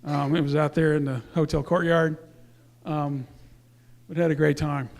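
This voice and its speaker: A man's voice: a little high, flat delivery, moderate pace, darkish tone. A man speaking casually to a church congregation, presenting youth awards in a rambling way with fillers and self-corrections.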